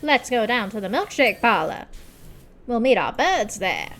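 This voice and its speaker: A woman's voice: fairly high pitch, very animated, unhurried, fairly bright tone, soft background music. A woman voicing a jaunty young man from the 1920s with old-fashioned slang.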